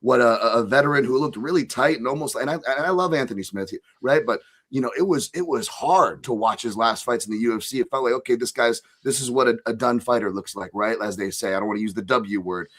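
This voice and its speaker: A man's voice: mid-range voice, fast talker, few pauses, a bit bright. A man from Hawaii talking casually as a fight analyst on a podcast, rambling with lots of restarts. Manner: rambling, restarts, frequent "right?".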